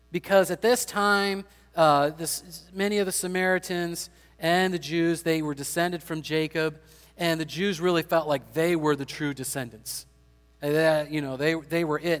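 A man's voice: on the high side, in a large hall. A man preaching a sermon, retelling a scripture passage and acting out the people in it. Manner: acts out quoted speech of biblical figures in paraphrase. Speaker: pastor.

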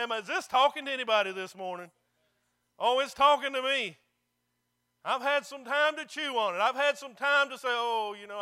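Male pastor, emphatic sermon delivery with amen calls, very high and bright, crisp tone. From not local to the congregation. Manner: emphatic preaching, calls for amens.

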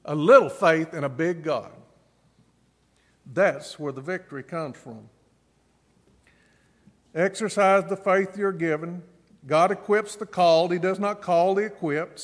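A man's voice: high-pitched, a bit bright. A middle-aged male pastor preaching a sermon, telling stories and repeating key phrases for emphasis. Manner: storytelling preacher, dramatic pauses and emphatic repetition. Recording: long reverb of a large church hall.

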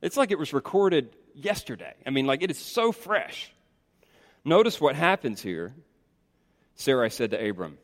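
A male pastor preaching a sermon, emphatic and animated, swinging between loud insistent stretches and hushed asides. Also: mid-range voice, normal speed. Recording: reverberant hall.

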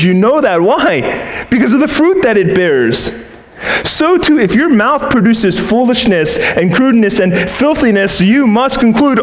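A man with a high voice preaches a sermon in an earnest, questioning way, often acting out short imagined exchanges. The sound is roomy and echoing, a little dull and muffled. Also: expressive, moderate pace. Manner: earnest preaching with rhetorical questions and quoted asides. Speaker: pastor.

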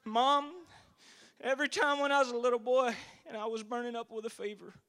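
Preacher, man, 40s: high, bright, ringing voice; homespun stories building to fervent emphasis. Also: little pitch movement, a little fast, clean tone. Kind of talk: sermon.

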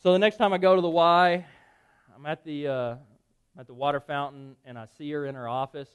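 A man preaching a sermon, telling a personal story conversationally, with self-deprecating asides and lively acted-out dialogue. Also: a little high, fairly quick, smooth. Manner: animated, acts out dialogue in shifting voices. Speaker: pastor.

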